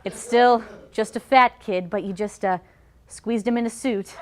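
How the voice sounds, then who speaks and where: A young woman with a slightly high voice delivers a stand-up monologue as host of a studio comedy show. Her delivery is awkward and self-deprecating, with a dry, deadpan edge. A faint hiss sits under the recording. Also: measured pace. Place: studio with live audience.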